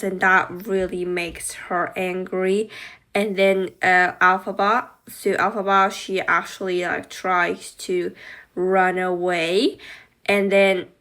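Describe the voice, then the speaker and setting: A woman's voice: medium pitch, a bit bright. A woman casually narrating a toy play-through, rambling with many fillers and restarts. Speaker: toy reviewer.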